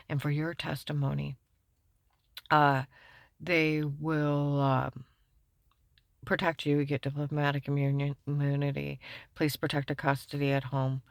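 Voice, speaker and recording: A woman rambling through a personal grievance, swinging between hushed talk and loud outbursts and reciting legal terms. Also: sits low, creaky, no echo. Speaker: speaker recounting her own ordeal. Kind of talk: agitated personal monologue.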